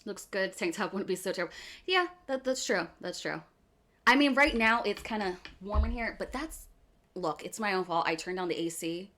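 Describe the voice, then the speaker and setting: A woman streamer from outside Philadelphia with a Philly accent, chatting casually with her viewers. She is animated and chatty, laughs often and keeps saying "okay.". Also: medium pitch, moderate pace. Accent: Philadelphia area. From US East Coast, outside Philadelphia.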